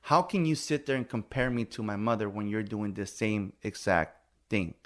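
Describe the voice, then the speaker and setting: A man's voice: fairly low pitch, moderate pace, a bit bright. A middle-aged man hosting a podcast, venting in casual chat, blunt and heated, swearing freely and getting defensive. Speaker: podcast host.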